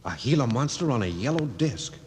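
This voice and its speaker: An actor playing a steady, commanding expedition captain who also narrates, in a 1940s radio drama. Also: male voice, medium pitch, brisk, a little hiss or hum, natural voice. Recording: old radio broadcast with hall reverb.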